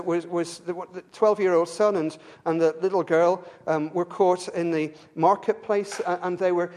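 A man's voice: high-pitched, darkish tone. A man preaching an earnest sermon, often repeating words as he restarts and asking rhetorical questions. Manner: earnest, with frequent stumbling word repeats and rhetorical "don't we?".

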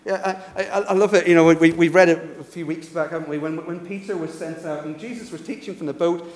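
A man preaching a sermon, retelling stories with animated delivery and frequent restarts. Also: on the high side, fairly quick. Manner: animated storytelling, repeats and restarts words. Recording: echoey hall, reverb.

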